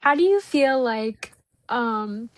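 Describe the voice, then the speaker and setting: Young woman, podcast host, higher voice, dry sound, hesitant questions. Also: animated, slow pace, dry recording. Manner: hesitant, searching questions with fillers. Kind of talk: casual interview.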